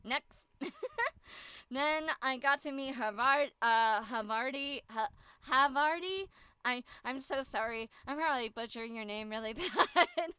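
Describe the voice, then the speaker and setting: A woman's voice: high voice, measured pace, bright, forceful tone, smooth, no room sound. A young woman streamer giving a casual, bubbly recap, giggling and acting out what people said to her. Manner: bubbly, giggly, acts out quoted exchanges. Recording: dull, lo-fi dry stream audio.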